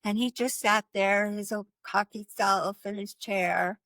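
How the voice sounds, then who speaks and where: A woman giving a personal faith testimony as a guest, talking in an earnest, halting way with restarts and light laughs. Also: medium pitch, steady tone, fairly bright tone, no echo, poor audio. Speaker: guest sharing her life story.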